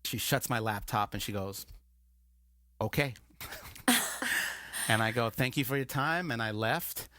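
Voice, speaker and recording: A man's voice: medium pitch, measured pace, pauses often, no echo. A man, a filmmaker guest, telling a long story in casual chat and acting out the dialogue he quotes. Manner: animated, acts out quoted dialogue.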